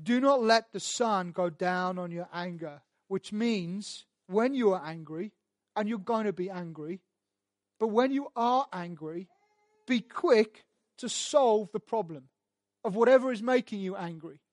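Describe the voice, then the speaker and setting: A man's voice: high voice, a little slow, dry recording. Man preaching, pastor's sermon, emphatic, repeats lines, dry close sound. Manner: emphatic, repeating key phrases, swelling louder on points.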